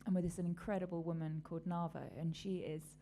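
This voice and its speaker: Gravelly, low-voiced woman hosting a chat. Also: fairly even intonation, a little fast, warm tone, slight background noise. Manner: rambling, chatty, many fillers and little laughs. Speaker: host. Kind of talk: casual live-stream chat.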